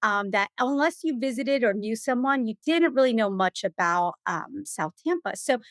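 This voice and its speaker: A woman guest telling stories in a casual interview, chatty and animated, full of "you know" and "like.". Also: fairly high pitch, normal speed, no echo. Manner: animated, acts out other people's lines. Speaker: podcast guest.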